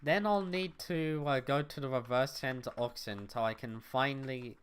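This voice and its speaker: A smooth, mid-range voice at normal speed. The speaker, a young adult, livestreams gaming from home, where neighbors live next door, chatting easily with the audience and musing aloud mid-game.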